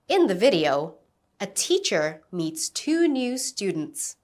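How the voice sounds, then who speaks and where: Very slow, lively English teacher woman. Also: fairly low pitch. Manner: slow, carefully enunciated modelling of words. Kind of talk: slow, clear classroom instruction.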